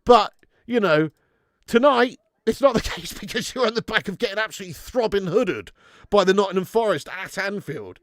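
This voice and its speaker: A man with a high voice hosts a live football watch-along on his fan channel, speaking at a moderate pace. He's lively and sweary, reading viewer messages out loud, all in a clean, dry studio recording.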